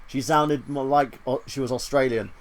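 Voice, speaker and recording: A man's voice: mid-range voice, fairly even intonation, normal speed. A man hosting a casual podcast chat, crude and joking, often mimicking voices. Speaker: podcast host. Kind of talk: casual chat about movies and games.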